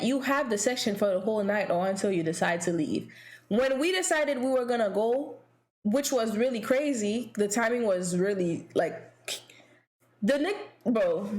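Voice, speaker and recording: Animated, blunt young woman telling a story. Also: a little high. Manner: animated, blunt and profane, laughs often while telling. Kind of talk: casual storytime chat.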